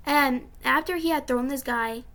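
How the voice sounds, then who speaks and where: Young woman vlogger, high gravelly voice, tearful, rambling casual storytelling. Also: normal speed, sharp tone. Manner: rambling with many fillers, emotional. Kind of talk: casual retelling of a dream.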